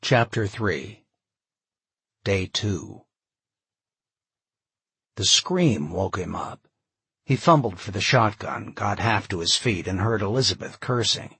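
Male audiobook narrator, low husky voice, lively intonation. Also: no room sound. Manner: expressive, measured storytelling.

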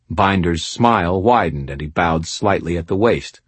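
Male audiobook narrator, very low, husky, wry first-person read, dry studio sound. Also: expressive, normal speed, dry recording.

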